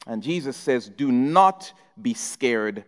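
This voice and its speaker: A man's voice: medium pitch, lively intonation, takes it slowly, big-room sound. A man preaching a sermon to his church, often speaking in the first person as Jesus. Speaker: pastor.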